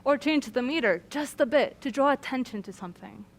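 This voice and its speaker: A woman's voice: high-pitched, animated, brisk. A young woman playing an earnest female troupe member who loves poetic speech, in a school stage play. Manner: earnest, verse-reciting.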